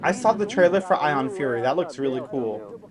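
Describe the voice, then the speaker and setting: Animated young man reacting on stream. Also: medium pitch, brisk, a crowd in the background. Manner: animated, exclaiming, joking. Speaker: live stream host. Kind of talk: casual reaction commentary.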